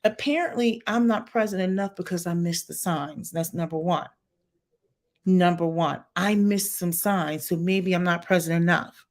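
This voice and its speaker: A woman giving blunt, opinionated reaction commentary on a livestream, talking straight to her viewers with emphatic, lively delivery. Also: fairly low pitch, normal speed. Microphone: home livestream setup.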